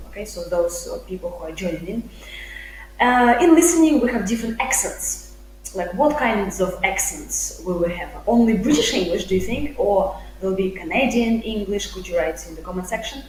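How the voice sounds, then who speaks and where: Upbeat chatty woman teaching live. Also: medium pitch. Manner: chatty, upbeat, full of fillers, reads viewer comments aloud. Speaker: IELTS teacher. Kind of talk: live-streamed English lesson. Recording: echoey room with faint hum.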